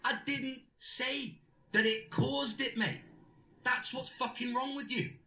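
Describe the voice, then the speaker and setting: A man's voice: very high voice, fairly even intonation, takes it slowly, pitched above the performer's own voice, exaggerated voice. A comedian voicing an abusive, sweary male conspiracy theorist leaving furious voice messages, in an echoey room. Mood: ranting. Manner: abusive, sweary, shouting tirade.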